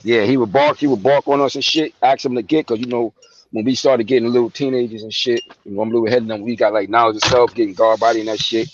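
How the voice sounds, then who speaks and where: A man's voice: mid-range voice, steady tone, fast, a little hiss or hum. Guy on a phone stream telling stories, lots of slang, does the voices, kinda muffled. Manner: loose storytelling, acts out quotes, heavy slang. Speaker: guest, son of the movie's real subject. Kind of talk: casual livestream chat. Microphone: phone over online stream.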